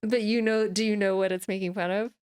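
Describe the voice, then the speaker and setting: A middle-aged woman chatting as an interview guest, rambling and self-mocking, and often breaking into laughs. The recording is dry and close, with no room sound. Her voice sits at a middle pitch. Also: fairly even intonation, a little fast, a little mellow, clean tone, dry recording. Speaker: guest musician. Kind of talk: casual interview chat.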